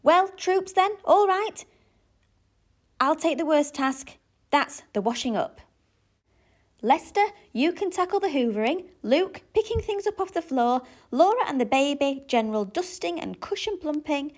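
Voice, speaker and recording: A man's voice: very high voice, big pitch swings, measured pace, pitched above the performer's own voice, heavily acted. A woman reading the part of a cheerful, commanding dad who takes charge of his children in a storybook. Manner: hearty, commanding. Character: cheerful bossy dad organising his kids.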